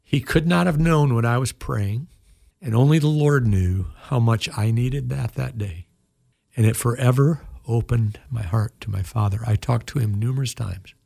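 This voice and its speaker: A man's voice: mid-range voice, moderate pace, vocal fry, mellow, no room sound, clean studio sound. A man in his sixties, a pastor and guest in an interview, telling a personal story in an earnest, emotional way. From United States.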